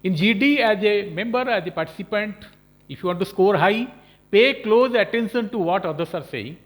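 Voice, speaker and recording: High-voiced lecturing man. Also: a bit bright. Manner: explanatory, checks in with frequent "Okay?" and "you know". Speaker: professor lecturing on management skills. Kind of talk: recorded lecture.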